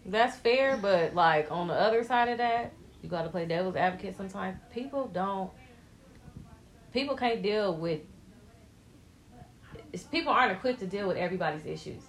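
A woman co-hosting a podcast, talking in a candid, reflective way. Her voice sits at a middle pitch. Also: lively intonation, moderate pace, pauses often. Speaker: podcast co-host. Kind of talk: casual chat.

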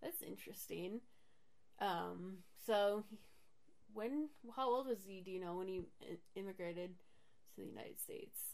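A woman's voice: mid-range voice, unhurried, gravelly, darkish tone. A woman co-hosting a casual podcast chat, laughing often as she shares facts. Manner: giggly, laughs often while reading out facts. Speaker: podcast co-host.

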